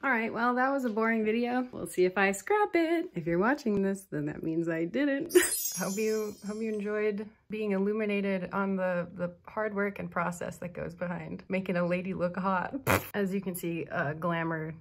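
A woman chats at home while getting ready on camera, teasing herself. She talks at an ordinary middle pitch and laughs often. A faint hiss sits under her voice. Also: moderate pace. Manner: playful and self-mocking; chatty with bursts of laughter. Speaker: vlogger. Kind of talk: casual get-ready-with-me chat.

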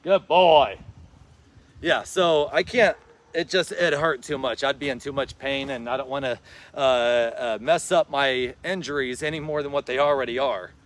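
A man vlogging outdoors while he plays fetch with his dog. He gives casual, rambling advice to his viewers and calls out to the dog in an excited, encouraging voice. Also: mid-range voice, moderate pace. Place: outdoors, in a yard.

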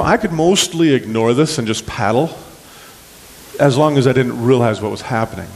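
A man preaching a sermon in a relaxed, folksy, storytelling manner, with plenty of ums and restarts. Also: medium pitch, long reverb tail. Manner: folksy, conversational, many fillers and restarts. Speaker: pastor. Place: church sanctuary.

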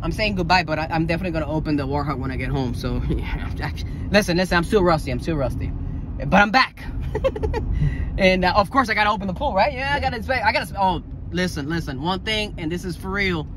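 A young man vlogging casually about a toy hunt, excitable and profane, telling animated stories. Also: sits high, fast, background noise. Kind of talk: casual vlog chat.

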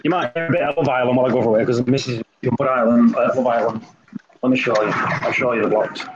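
A man in casual group video chat, excitedly showing off his reef tank. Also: mid-range voice, fast talker. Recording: muffled call audio with faint noise.

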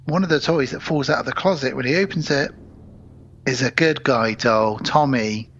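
A man's voice: mid-range voice, normal speed, a bit bright, a little hiss or hum. A man co-hosting a podcast, casually recapping a film with laughs and quoted voices. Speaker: podcast co-host. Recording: dull lo-fi podcast audio.

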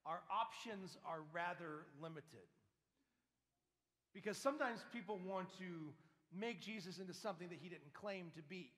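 A man's voice: sits high, moderate pace, fairly bright tone. A priest giving a sermon to his congregation in a church, speaking with emphasis and asking them rhetorical questions. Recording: long church reverb.

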